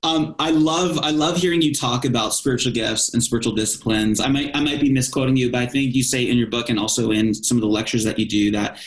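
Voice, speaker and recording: A man's voice: medium pitch, fairly even intonation, fast, hardly any pauses, low-quality recording. A man hosting a podcast, asking questions in a thoughtful, hesitant way. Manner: thoughtful, hesitant phrasing with fillers. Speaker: podcast host. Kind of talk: interview questions.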